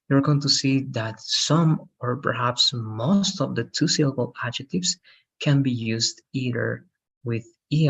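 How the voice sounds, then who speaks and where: A teacher saying "right?" all the time, husky. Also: male voice, medium pitch, a bit bright. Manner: says "right?" after most sentences. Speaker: English teacher. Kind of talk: online English lesson.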